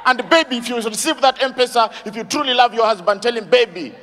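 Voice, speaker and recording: A man doing stand-up comedy on stage, animated and shouting his punchlines. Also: extremely high pitch, fast, in a large hall, a faint crowd, a little hiss or hum.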